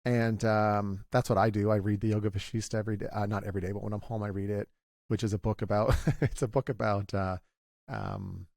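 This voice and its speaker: A man in his forties, talking in a halting, confessional way, with many restarts, as a guest in a candid conversation. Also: lowish voice, steady tone, vocal fry, darkish tone, dry recording, clean studio sound. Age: 40s.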